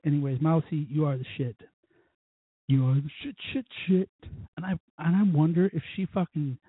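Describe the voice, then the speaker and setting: A man's voice: medium pitch, no room sound. A drunk man hosting a podcast, rambling profanely through stories with quoted asides. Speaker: podcast host. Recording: tinny phone-like line, husky voice.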